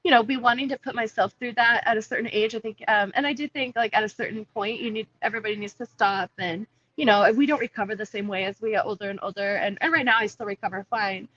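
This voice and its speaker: A woman's voice: medium pitch, fairly even intonation, fast talker, few pauses, fairly bright tone, lo-fi sound. A woman in her thirties, a fighter chatting casually as a guest on a video call from a coffee shop, laughing easily. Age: 30s. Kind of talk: casual interview.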